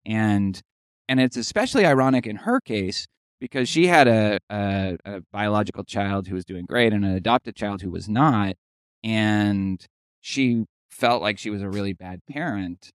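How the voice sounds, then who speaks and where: A man's voice: fairly low pitch, normal speed, clean tone, no room sound, studio quality. A man hosting a casual podcast discussion, opinionated and pointed, with some hesitations.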